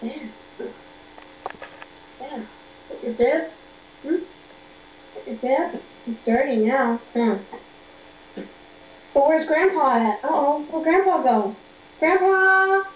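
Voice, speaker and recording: A young mother coaxing her toddler in high sing-song baby talk over a video call, repeating simple prompts. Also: takes it slowly, long pauses. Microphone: computer video call mic. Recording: dull echoey video-call audio, faint noise.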